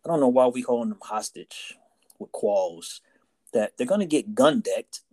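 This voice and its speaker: A man's voice: medium pitch, expressive, moderate pace, a little mellow. A man co-hosting a casual podcast chat, telling a story and often tagging lines with "right?" and "you know". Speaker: podcast co-host, Navy sailor.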